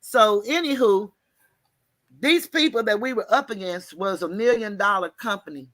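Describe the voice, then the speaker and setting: A woman telling a story in an animated, folksy way, mixing slang and cussing. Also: mid-range voice, normal speed, dry recording. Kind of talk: casual storytelling.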